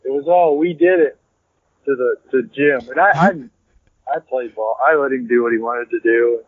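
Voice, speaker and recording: A man, a hunter and podcast guest, telling a story in a rambling, animated way and repeating "I said" as he acts out the dialogue. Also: mid-range voice, moderate pace, dry recording. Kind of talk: casual storytelling. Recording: tinny phone-like, dry.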